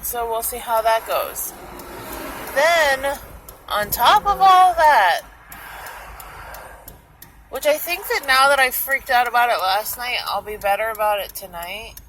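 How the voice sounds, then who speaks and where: Young woman for a casual storytime vlog: chatty, animated, a bit high-pitched, with faint vehicle hum behind. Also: a little slow, long pauses, poor audio. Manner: chatty, animated retelling with quoted voices. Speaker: vlogger.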